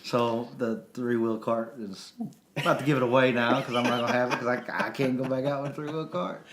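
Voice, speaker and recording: A man's voice: medium pitch, fairly even intonation, fairly quick. A man co-hosting a podcast in easygoing, laughing banter. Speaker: podcast co-host. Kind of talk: casual chat. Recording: roomy with faint noise.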